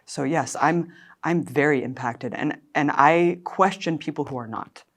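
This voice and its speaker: A woman's voice: low-pitched, unhurried. A woman guest on an interview, a documentary filmmaker, speaking with passionate indignation and raw emotion that at times nears tears.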